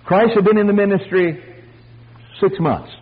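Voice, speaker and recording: An older man preaching a folksy storytelling sermon, animated and acting out the voices of the people in his stories. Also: high voice, moderate pace, breathy edge, narrow, tinny audio. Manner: animated, acts out voices, chuckles.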